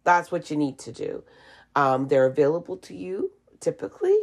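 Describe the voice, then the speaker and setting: A woman's voice: deep voice, wildly swooping pitch, moderate pace, darkish tone. A woman with a cough doing a casual, blunt, opinionated monologue at home, swearing freely. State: has a cough. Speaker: vlogger.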